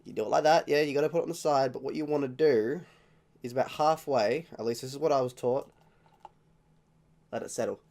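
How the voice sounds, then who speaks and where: Brisk but with long pauses, a young Australian channel host speaks in a medium-pitched, gravelly, slightly mellow voice. He rambles casually through a beer-tasting vlog, chatting and frequently correcting himself.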